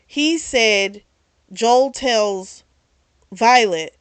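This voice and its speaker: A woman's voice: mid-range voice, slow, pauses often, dry recording. A woman hosting a book club channel, walking viewers through the plot in an easygoing chat. She takes her time and stops to react to twists along the way. Her voice sounds close and dry, with no room around it. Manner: chatty, retells scenes with lively asides. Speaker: book club vlog host. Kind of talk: casual book recap.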